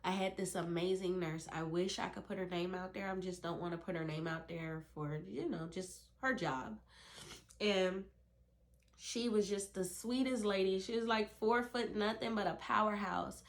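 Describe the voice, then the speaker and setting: A woman's voice: medium pitch, normal speed. A woman telling her own birth story to camera, earnest and emphatic, speaking directly to other women.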